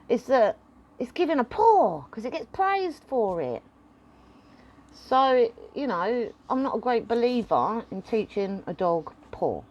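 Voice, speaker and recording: A woman's voice: medium pitch, a little mellow, muffled recording. A woman giving casual, rambling advice about dogs as an owner, talking straight to camera. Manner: chatty, rambling, acts out voices.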